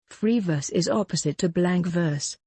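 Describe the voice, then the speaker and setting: A teacher talks through a recorded lecture, reading each definition aloud and then explaining it again in simpler words. The voice is husky and slightly breathy. The sound is dry and close. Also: medium pitch, a little slow, mellow, no room sound. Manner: reads definitions, then restates them in plain words. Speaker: literature teacher.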